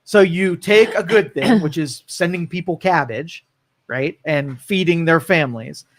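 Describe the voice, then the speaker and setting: A male talk radio host with a fairly high voice, rambling through opinions in loose, casual talk. He drifts from point to point, restarting sentences and tossing in asides. His delivery is chatty and animated. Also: measured pace.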